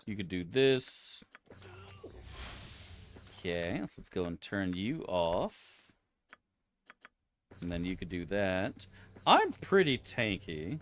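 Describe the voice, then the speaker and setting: A man's voice: low-pitched, big pitch swings, slow, pauses often, slight background noise. A young man streaming a game, chatting casually to his viewers in a profane, ranting, mock-outraged way. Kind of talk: casual live-stream chat.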